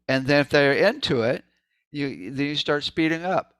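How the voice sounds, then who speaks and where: A man's voice: a little high, lively intonation, normal speed, fairly bright tone, smooth, dry recording. Man chanting rhythm syllables in a dry room. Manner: demonstrates rhythm syllables and hums aloud; loose and conversational, many "right?" asides. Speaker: presenter at a sound healing meeting. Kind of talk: informal presentation.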